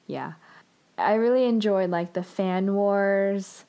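A woman's voice: medium pitch, takes it slowly, dark tone. A woman casually recapping and reviewing a TV drama, chatty and full of fillers and restarts.

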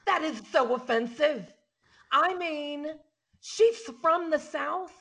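A woman voicing a brash, flirty realtor who calls herself a cougar, loud, bossy and catty in an improvised comedy sketch. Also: high voice, lively intonation, slow, creaky, exaggerated voice. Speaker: comic character in a podcast sketch.

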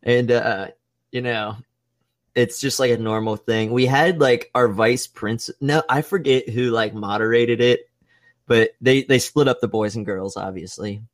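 A young man casually telling a profane, playful story and acting out other people's voices with big jumps in pitch. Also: unhurried, dry recording, clean studio sound.

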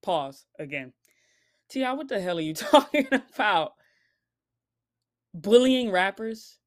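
A woman ranting casually to camera in a blunt, profane vlog commentary. She laughs between points and swings from loud outbursts to low mutters. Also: sing-song, slow pace. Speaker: commentary vlogger. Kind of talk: casual opinion rant to camera.

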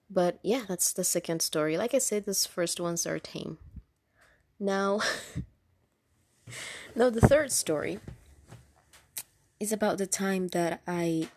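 Chatty woman with a gravelly voice. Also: on the low side, a little mellow. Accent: non-US accent. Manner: chatty, laughs often, many fillers and restarts. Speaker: insurance call agent telling work stories. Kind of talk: casual storytelling vlog.

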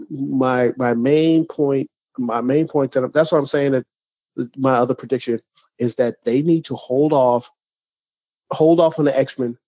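This man co-hosts a podcast, and his rant comes out animated and casual, with lots of false starts. His voice is medium-pitched, and the recording has no room sound.

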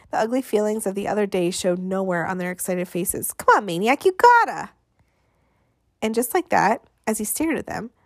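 A woman narrating an audiobook in a measured, expressive way, with dramatic pauses. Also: mid-range voice, no echo, clean studio sound.

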